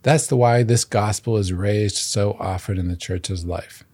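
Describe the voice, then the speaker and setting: Deep, husky man narrating a reflection. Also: measured pace, darkish tone, no room sound. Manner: earnest, reads long quotations aloud. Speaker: host of a Catholic podcast.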